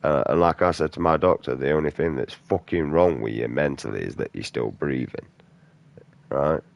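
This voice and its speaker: A man's voice: very deep voice, normal speed, creaky, no room sound, dull audio. A man, a gaming streamer delivering an aggressive, profane rant in blunt slang. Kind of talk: angry off-topic rant during gameplay.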